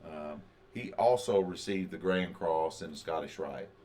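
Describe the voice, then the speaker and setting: Guy cohosting a podcast, real deep voice, lots of ums and restarts. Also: warm tone. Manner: halting, many fillers and restarts. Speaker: podcast co-host. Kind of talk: casual chat.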